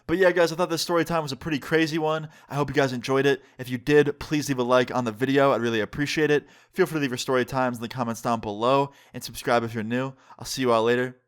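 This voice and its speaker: A young man narrating a wild storytime for his vlog viewers. His voice sits at a medium pitch, and he tells the story in a loose, slangy, animated way. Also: quick pace, few pauses, clean tone. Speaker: vlogger.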